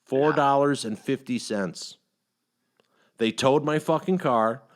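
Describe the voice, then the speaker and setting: A middle-aged man hosting a casual podcast chat, telling a long story with heavy profanity and animated outbursts. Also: mid-range voice, takes it slowly. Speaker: podcast host.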